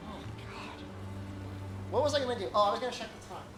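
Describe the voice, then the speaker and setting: A man's voice: high-pitched, lively intonation, fast, over music. A man streaming a game, chatting casually and jokingly, rambling with lots of "like" fillers. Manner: rambling, heavy use of "like", joking. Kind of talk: casual chat while gaming.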